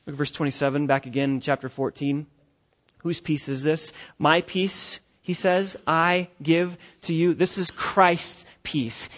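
A man preaching a sermon, emphatic and repetitive, swinging between loud urging and quiet earnestness. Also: fairly high pitch, measured pace, lo-fi sound. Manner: emphatic, repetitive preaching with rising and falling intensity. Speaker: pastor.

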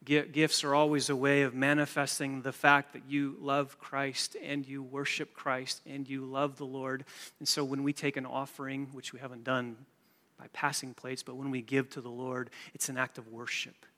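A man preaching a sermon, moving from hushed storytelling to loud, emphatic preaching. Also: medium pitch, level tone, normal speed, big-room sound. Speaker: pastor.

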